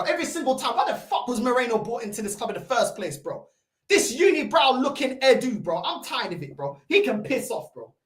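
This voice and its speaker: A London woman rants at full steam on her fan stream, her high voice swinging wildly up and down as she shouts and swears. Portuguese curses slip into her English. The sound bounces around a roomy space. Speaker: football fan channel host. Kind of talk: ranting live-stream reaction. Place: room at home by a computer. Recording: roomy echo.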